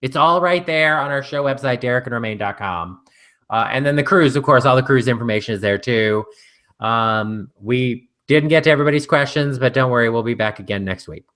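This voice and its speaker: Bright-voiced man rambling through a story. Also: mid-range voice, brisk. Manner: rambling storyteller with many fillers. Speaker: co-host. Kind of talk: casual live chat.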